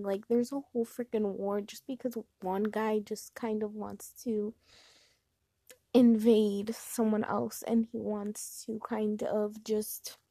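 A woman's voice: medium pitch, dark tone, no room sound. A young woman vlogger giving casual advice in a chatty, rambling way with lots of fillers. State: hiccups.

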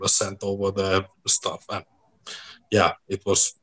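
A man answering interview questions casually, plain-spoken and hesitant, with many pauses and fillers. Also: deep voice, level tone, a bit bright, poor audio. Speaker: musician guest.

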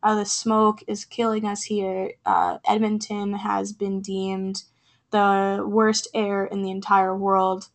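A woman hosting her own podcast, talking earnestly with many fillers, her voice raspy from being sick. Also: mid-range voice, little pitch movement, takes it slowly. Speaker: podcast host. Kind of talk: casual podcast talk and poetry reading.

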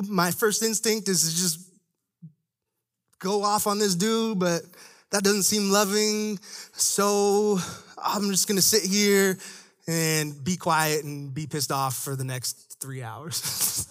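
A young male church staffer gives an animated sermon in a conversational tone, speaking slowly. He sinks into low asides, then rises to drive points home.

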